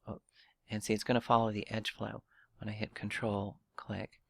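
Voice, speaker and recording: A man's voice: fairly low pitch, level tone, normal speed, creaky, fairly bright tone, dry recording, studio quality. A man giving a casual step-by-step 3D modeling tutorial while thinking aloud, with fillers and restarts. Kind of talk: casual screen-recorded software tutorial.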